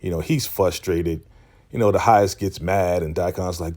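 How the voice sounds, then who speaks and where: A man with a low, deep voice recaps a TV episode in a loose, slangy way. He keeps slipping into the characters' lines as he talks. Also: moderate pace, darkish tone. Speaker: TV recap YouTuber.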